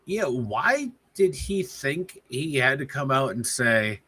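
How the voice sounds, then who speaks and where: A man's voice: big pitch swings, takes it slowly, bright, forceful tone, slightly rough. A man co-hosting a casual sports podcast, ranting heatedly and swearing a lot. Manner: heated, profane ranting with big pitch swings. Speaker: podcast co-host.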